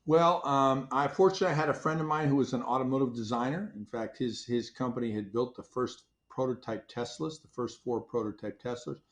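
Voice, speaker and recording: A man's voice: mid-range voice, brisk, few pauses. Older man telling founder stories. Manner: animated storyteller, acts out his own past dialogue. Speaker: company founder, interview guest. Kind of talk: casual interview storytelling.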